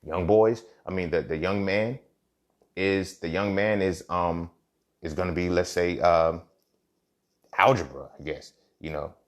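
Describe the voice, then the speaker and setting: A man's voice: deep voice, steady tone, a little slow. A man hosting a podcast, talking in a passionate, conversational monologue, swearing freely and checking in with "you feel me". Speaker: podcast host. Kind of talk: casual monologue.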